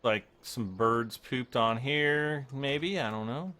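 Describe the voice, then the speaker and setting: A man's voice: mid-range voice, takes it slowly, pushed and bright, clean tone. A man doing casual livestream commentary over a farming game, giggly and rambling, often losing his train of thought. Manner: giggly, easily cracks up laughing. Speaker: game streamer.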